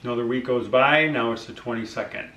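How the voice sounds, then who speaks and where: A middle-aged man with a brisk, pushed, bright medium-pitched voice speaks far from the mic in an echoey room. He's a vlogger casually recounting his diet journey, acting out conversations with his doctor and using lots of fillers.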